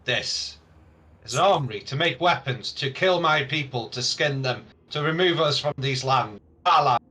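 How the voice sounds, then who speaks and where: A man voicing a proud, bitter male orc ambassador, speaking gravely. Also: medium pitch, animated, normal speed, sharp tone.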